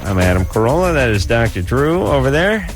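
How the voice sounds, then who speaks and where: Man, radio host, wisecracking, casual talk, medium pitch. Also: big pitch swings, fairly quick, faint music behind. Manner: joking, wisecracking.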